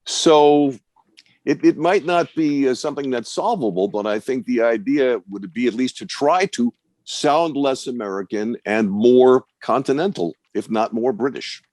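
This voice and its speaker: A man's voice: medium pitch, unhurried, dry recording. Older man giving wry, dry-voiced advice. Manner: confident, wry, lively storytelling. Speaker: broadcast coach and guest speaker. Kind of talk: casual advice in an online Q&A. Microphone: video call.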